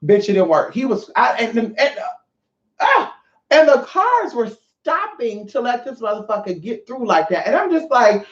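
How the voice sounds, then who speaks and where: A woman's voice: fairly high pitch, sing-song, moderate pace. A woman vlogger talking to her viewers in a brash, profane, rambling rant. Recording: roomy, dull lo-fi sound.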